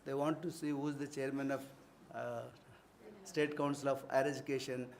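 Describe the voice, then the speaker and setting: A man's voice: mid-range voice, flat delivery, a little fast. A man gives an earnest, formal vote of thanks as conference organizer in a university hall, mixing ceremony with personal anecdotes. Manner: earnest, formal phrasing broken by warm anecdotes.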